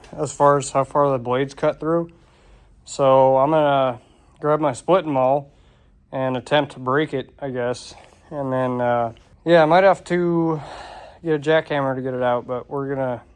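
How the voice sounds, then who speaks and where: A man narrating his own shop project in casual talk, unsure and thinking aloud as he goes, a bit out of breath from the work. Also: medium pitch. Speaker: DIY vlogger. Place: shop or garage.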